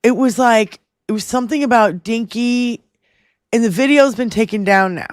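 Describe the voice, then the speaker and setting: A fairly high-voiced woman co-hosting a political chat show. She talks bluntly and heatedly and swears constantly. Her voice sounds close and dry. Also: moderate pace, dry recording. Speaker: podcast co-host.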